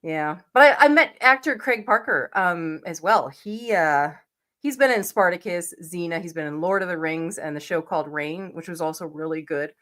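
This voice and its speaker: A woman in her forties, sick and hoarse, chatting casually as co-host of a reaction show, swearing freely and laughing often. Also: on the low side, animated, normal speed, fairly bright tone. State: sick, losing her voice, coughing.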